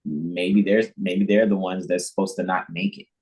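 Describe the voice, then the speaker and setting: Guy with a husky lowish voice giving a spiritual talk, keeps repeating and restarting, stressing his points hard. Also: little pitch movement, moderate pace, a little mellow, low-quality recording. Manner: emphatic, repetitive, lecturing with frequent restarts and chuckles; mimics imagined listeners in high mocking voices. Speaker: spiritual teacher hosting a devotional livestream. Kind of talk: informal spiritual lecture.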